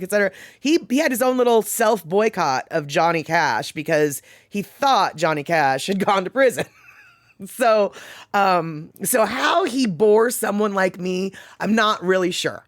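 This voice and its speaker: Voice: medium pitch, expressive, moderate pace, no room sound, clean studio sound. A livestream host in their fifties chatting casually with viewers and reading chat, rambling along and laughing often.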